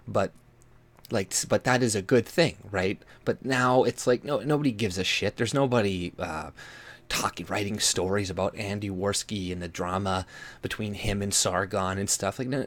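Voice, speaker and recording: A man from Canada delivers a casual rant to his viewers in a somewhat low voice. He rambles, swears freely and fills his talk with "like" and "you know". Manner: rambling, profane, heavy on fillers. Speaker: YouTube commentator.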